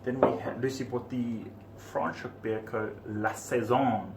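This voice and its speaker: A man's voice: medium pitch, flat delivery, normal speed. A man hosting a casual podcast, joking around with his guest and tripping over names. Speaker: podcast host. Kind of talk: casual chat. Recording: roomy, distant mic, background noise.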